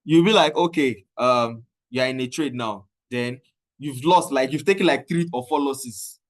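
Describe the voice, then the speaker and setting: A man with a Nigerian accent telling a casual, animated story about trading and often mixing in Pidgin. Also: mid-range voice, a little slow. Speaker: trading coach. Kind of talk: casual talk.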